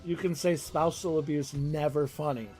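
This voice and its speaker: A man's voice: a little high, fairly even intonation, moderate pace, mellow, soft background music. A young man streaming a game, chatting casually in a rambling, profane way and laughing often. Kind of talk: casual chat while gaming.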